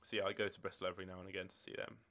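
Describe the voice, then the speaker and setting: Talking very fast in a deep, pushed and bright voice with flat delivery, this eighteen-year-old Scot chats casually on a game live stream. He rambles through viewers' questions from his room at home, among football shirts and drawers.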